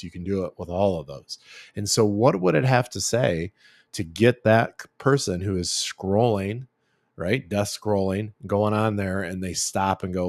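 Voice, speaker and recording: A man's voice: lowish voice, expressive, normal speed, darkish tone, no echo. A middle-aged man giving a casual branding presentation, chatty and full of fillers and restarts. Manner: chatty, filler-heavy, self-correcting. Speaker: agency CEO giving a branding talk.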